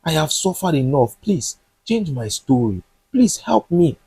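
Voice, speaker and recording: A man's voice: medium pitch, lively intonation, normal speed, dark tone, husky, dry recording. A man doing a pleading heartbroken father. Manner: earnest, pleading. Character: struggling middle-aged father, wounded and pleading.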